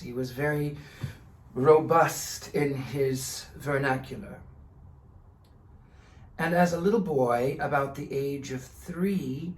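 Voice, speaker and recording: A man hosting his own channel, telling a personal story in an earnest, deliberate way with theatrical emphasis. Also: fairly high pitch, reverberant. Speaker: channel host. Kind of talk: personal monologue to camera.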